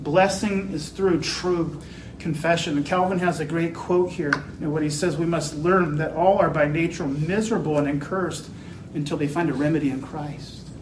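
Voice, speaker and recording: A man preaching a sermon as pastor, slow and building to emphatic declarations. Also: on the high side, steady tone, reverberant, background noise.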